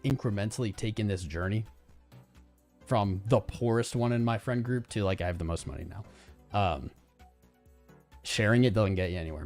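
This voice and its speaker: Slangy young man ranting on a livestream. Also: mid-range voice. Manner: animated, slangy, talks to viewers as "guys" and "man". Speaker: crypto trading streamer. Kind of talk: casual livestream rant.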